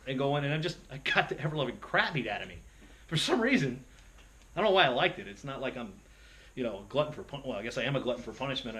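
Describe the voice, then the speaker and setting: A man telling self-deprecating stories to an audience in an animated, lively speaking style. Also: mid-range voice. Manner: animated, self-deprecating, jumps into voices for quotes. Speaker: motivational speaker. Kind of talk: storytelling speech to an audience.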